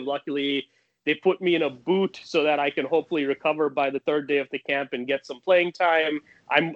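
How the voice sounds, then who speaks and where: A man telling a long personal story in casual talk, animated, with many restarts. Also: fairly high pitch, lo-fi sound.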